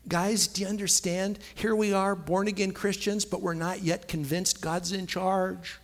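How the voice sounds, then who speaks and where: A middle-aged man preaching a sermon in a church, emphatic and repetitive, swinging between soft asides and loud, stressed phrases. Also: high voice, level tone, a little slow. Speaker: pastor. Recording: long hall reverb.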